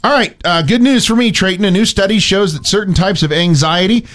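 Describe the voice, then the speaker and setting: A man's voice: high voice, brisk, a bit bright. A man hosting a morning radio show, chatting casually and making dry, self-deprecating jokes.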